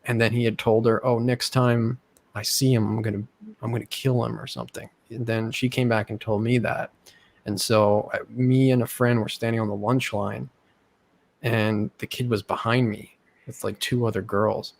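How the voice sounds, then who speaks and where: Young man, gravelly voice, casual storytelling, animated quotes. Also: medium pitch, normal speed. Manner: animated, acts out quoted people with raised voice. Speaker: host.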